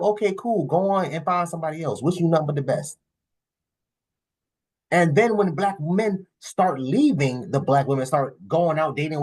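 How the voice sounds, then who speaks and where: A man with hosting a reaction video, animated and emphatic, laughing and swearing as he comments. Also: on the high side.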